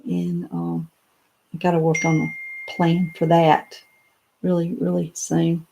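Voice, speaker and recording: A woman's voice: low voice, sing-song, takes it slowly, gravelly, mellow. An older woman, chatting casually on a live stream and answering viewer comments, rambling a little with lots of fillers and restarts. She is in a home office lined with doll showcases.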